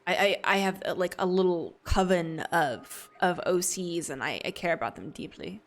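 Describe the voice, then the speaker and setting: A woman's voice: fairly low pitch, moderate pace. A woman from the Southern United States with a Southern American accent, chatting casually and rambling while she streams a game. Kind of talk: casual live-stream chat.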